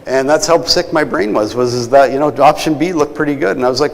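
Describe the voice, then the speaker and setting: A man's voice: a little high, fast talker, vocal fry, few pauses. A middle-aged man candidly telling an emotional personal story to an audience, often checking in with "right?". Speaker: keynote speaker. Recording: long hall reverb.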